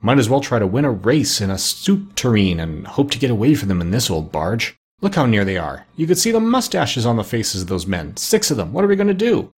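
A man's voice: on the low side, sing-song, a little fast, few pauses, breathy edge. A man voicing a glum pig who grumbles and complains. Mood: grumbling.

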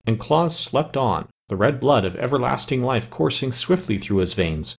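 A man reading a fairy tale aloud in a measured, even storytelling manner. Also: medium pitch, gravelly, breathy edge. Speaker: audiobook narrator.

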